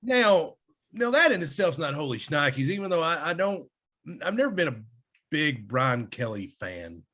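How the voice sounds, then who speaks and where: Lively man chatting casually. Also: fairly high pitch, normal speed. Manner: rambling, animated, laughs often. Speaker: podcast co-host. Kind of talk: casual chat.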